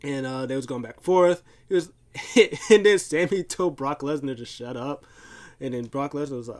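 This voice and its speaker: A man's voice: mid-range voice, moderate pace, darkish tone. A man casually recapping a wrestling show, rambling with lots of fillers and restarts. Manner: rambling, filler-heavy storytelling.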